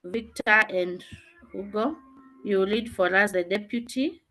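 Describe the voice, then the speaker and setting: A female teacher leads a classroom revision lesson, stressing key phrases, repeating herself and often pausing on "uh". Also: mid-range voice, bright, forceful tone, faint music behind. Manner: emphatic, repeats key phrases with frequent "uh" fillers. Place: classroom with students.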